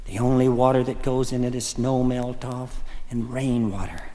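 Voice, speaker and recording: A man's voice: medium pitch, steady tone, moderate pace, warm tone. A man from Texas telling a rambling comic story on a concert stage, folksy and full of asides. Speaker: folk singer and storyteller. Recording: live hall with long reverb, faint music.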